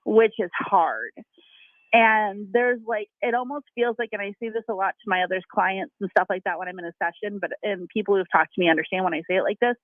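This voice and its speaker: A woman's voice: medium pitch, no room sound. A woman giving a spiritual reading on a radio show, gushing, emotional and rambling. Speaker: spiritual reader on a call-in segment. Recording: tinny phone line, dry.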